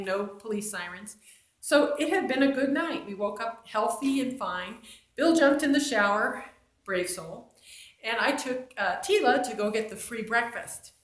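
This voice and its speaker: Jersey-raised woman telling a faith story, chatty, lots of fillers, roomy echo. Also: on the high side. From New Jersey. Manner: conversational, chatty with fillers and restarts. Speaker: storyteller on her own channel. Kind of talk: personal faith testimony.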